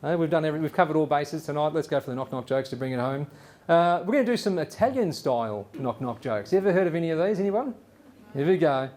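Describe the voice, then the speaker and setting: A man's voice: fairly high pitch, expressive, fast talker, darkish tone. A man hosting a live comedy show, telling jokes and laughing along. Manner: chatty, laughs at his own jokes. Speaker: host. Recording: echoey room, faint ambience.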